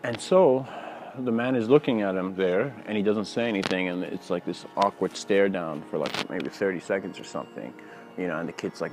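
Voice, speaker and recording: A man giving a casual spoken lecture outdoors near train tracks, telling stories in a relaxed, rambling way. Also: low voice, fairly quick, music in the background, low-quality recording. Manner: relaxed, rambling, many fillers. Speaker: spiritual lecturer.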